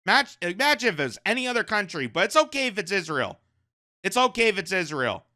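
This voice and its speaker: Sarcastic, bright-voiced male commentator. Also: sits high, very animated, a little fast. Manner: sarcastic, mocking mimicry of critics. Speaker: commentary host. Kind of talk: casual political commentary.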